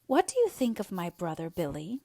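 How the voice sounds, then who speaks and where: A woman voicing a calm, blunt young woman earnestly making a case, in a read-aloud storybook. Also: fairly low pitch, brisk, no room sound, heavily acted. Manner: earnest and steady. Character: solemn, blunt young woman, calmly matter-of-fact.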